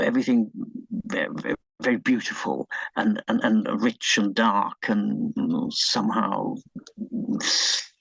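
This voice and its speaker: A man with a gravelly, husky voice talks through an interview, stopping and restarting his sentences as he enthuses about old cinema. The recording is dull and dry, with no room sound. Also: on the low side, no echo. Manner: hesitant, many fillers and restarts, enthusiastic about old films. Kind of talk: conversational interview.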